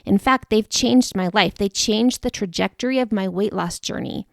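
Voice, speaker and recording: Earnest woman in her forties, gravelly edge. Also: medium pitch, moderate pace, no echo, studio quality. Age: 40s. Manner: earnest, confiding, addresses listener directly. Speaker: podcast host. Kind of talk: personal storytelling monologue.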